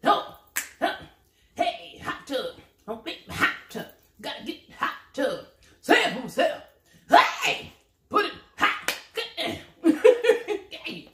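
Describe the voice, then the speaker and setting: A woman doing an impression of a funk singer hollering in a hot tub, in yelping, shouted bursts. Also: high-pitched, sing-song, slow pace, pauses often, echoey room, distant mic, a little hiss or hum, voice pushed up, full character voice.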